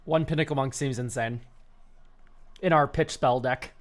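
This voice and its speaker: A man streaming live and reviewing viewers' card decks, excitable and quick to laugh, swearing casually. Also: medium pitch. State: choked up, near tears.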